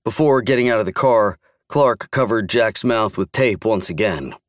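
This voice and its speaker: A man narrating a thriller audiobook in a steady, even storytelling manner. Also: lowish voice, moderate pace, no room sound, studio quality. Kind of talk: scripted narration.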